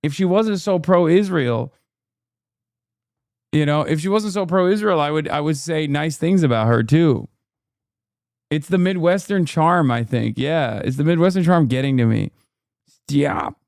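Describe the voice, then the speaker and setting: A man's voice: fairly high pitch, a little slow, creaky, long pauses, a little mellow, dry recording, studio quality. A man in his thirties from the United States, a streamer reacting to clips with sardonic, profane asides. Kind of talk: casual reaction commentary.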